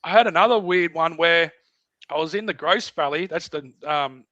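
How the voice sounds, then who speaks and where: A man's voice: on the high side, normal speed, dry recording, lo-fi sound. A middle-aged Australian man, a podcast guest, telling a story in casual chat and acting out voices and sounds. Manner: animated, acts out voices and sounds in his tale.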